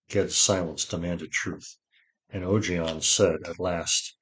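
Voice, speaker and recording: Low, slow-paced male storyteller. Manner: steady, measured storytelling. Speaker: audiobook narrator. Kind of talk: scripted narration.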